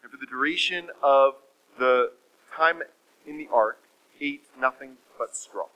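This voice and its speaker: A man preaching a sermon, retelling a scripture story in a measured, emphatic way. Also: medium pitch, bright, forceful tone, poor audio.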